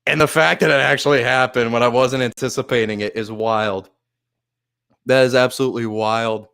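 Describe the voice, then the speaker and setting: A man's voice: mid-range voice, steady tone, moderate pace, creaky, a bit bright, clean tone. A man hosting a casual sports live stream, overwhelmed and near tears, laughing often and swearing as he thanks viewers. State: overwhelmed, shaky, close to tears.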